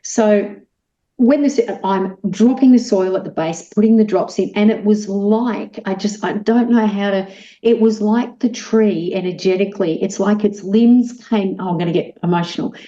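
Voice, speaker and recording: An Australian woman, a guest on a talk show, tells a personal story in a lively way and acts out her own lines. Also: mid-range voice, a little slow. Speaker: guest, animal communicator. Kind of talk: storytelling in casual chat. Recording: echoey room, dull lo-fi sound.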